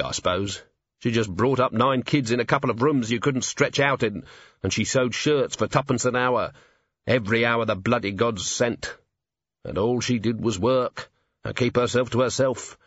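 A man's voice: mid-range voice, a bit bright, husky, dry recording, dull audio. A man voicing a grim, angry male watch commander in an audiobook, talking in clipped, barely controlled bursts.

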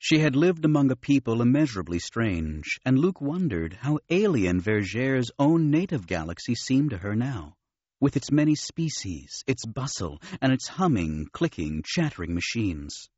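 A man reading an audiobook in an expressive narrating style. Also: mid-range voice, moderate pace, no echo, highs cut off. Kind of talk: scripted narration.

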